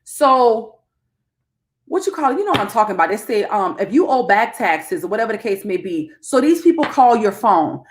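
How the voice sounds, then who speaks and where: A woman, hosting a casual livestream and talking straight to her viewers, animated and chatty, calling them "baby" and "y'all". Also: mid-range voice, normal speed, slight background noise. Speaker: livestream host and crypto educator. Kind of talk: casual live-stream talk to viewers.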